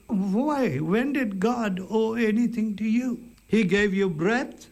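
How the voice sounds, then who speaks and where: A man delivers a sermon in a high, gravelly voice. He speaks slowly and emphatically, leaning on rhetorical questions and dramatic pauses. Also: lively intonation. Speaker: preacher.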